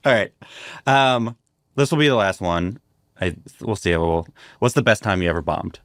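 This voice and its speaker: A man's voice: fairly low pitch, expressive, normal speed, a bit bright, no echo, studio quality. A man asking brief, offhand questions as the interviewer in a casual chat.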